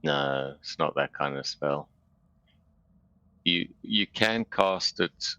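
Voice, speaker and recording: A man in a tabletop game session talks casually with his group, restarting sentences as he explains the rules. His voice is extremely low with heavy gravel, yet bright on top. It is recorded dry and close. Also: slow, dry recording, muffled recording. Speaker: player. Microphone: USB microphone on a voice call.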